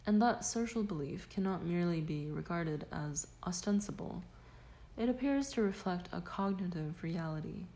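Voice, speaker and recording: Mellow-voiced woman reading nonfiction. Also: on the low side, expressive, poor audio. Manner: measured, deliberate reading. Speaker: audiobook reader. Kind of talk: nonfiction audiobook narration.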